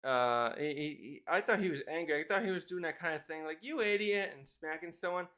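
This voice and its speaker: A man's voice: on the high side, fast talker, bright, forceful tone. A man giving a casual, rambling chapter review, thinking aloud and correcting himself as he goes. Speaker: manga reviewer.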